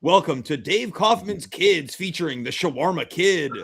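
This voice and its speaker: A man hosts a casual talk show and keeps up joking, teasing banter with his guests. His voice sits a little high and has a gravelly edge. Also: animated, moderate pace, a bit bright. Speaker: podcast host. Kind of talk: casual chat.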